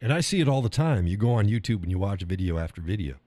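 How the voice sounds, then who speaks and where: A man's voice: lowish voice, expressive, fast, mellow, no room sound. Blunt, profane American man ranting. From United States. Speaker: live stream host. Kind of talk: casual opinion monologue.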